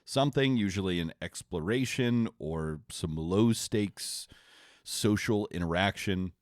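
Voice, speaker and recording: A man's voice: deep voice, unhurried, dry recording, studio quality. A man co-hosting a tabletop gaming podcast, asking questions and steering the conversation. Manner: asks questions, guides the conversation. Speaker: podcast co-host. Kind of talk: casual podcast chat.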